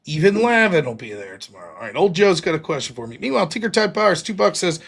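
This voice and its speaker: Swearing heavily, a male stream host rants bluntly and heatedly as he reads out viewer donations in a casual livestream. He speaks fast in a high, sing-song voice that is creaky, husky and a bit bright.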